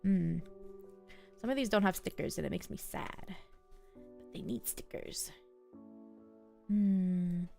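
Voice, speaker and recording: A woman's voice: on the low side, takes it slowly, vocal fry, pauses often, soft background music. A young woman streaming live, chatting casually and musing to herself and her chat while she journals. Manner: soft, musing, talks to herself and chat with many fillers.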